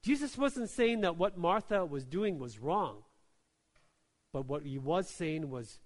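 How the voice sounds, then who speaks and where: High, lively-voiced male preacher. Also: unhurried, big-room sound. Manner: call-and-response, repeats "Amen?" and "right?"; emphatic, swings between soft low asides and raised exclamations. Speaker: pastor. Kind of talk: sermon.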